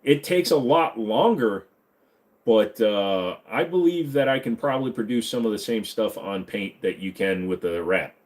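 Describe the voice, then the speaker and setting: A man's voice: on the low side, expressive, moderate pace. A man in his thirties hosting a live stream, reading chat questions aloud and answering them in a loose, joking way. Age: 30s. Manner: loose, joking, swings between mumbled asides and loud hype.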